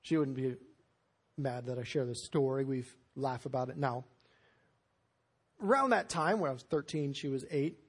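A man preaching a sermon as pastor, telling stories in an animated way with sudden loud bursts. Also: mid-range voice, moderate pace, long pauses, slightly rough.

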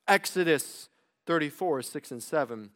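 Male preacher, expository sermon, high voice, unhurried delivery, drops low and hushed for emphasis. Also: expressive. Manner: deliberate, dropping low and quiet for emphasis.

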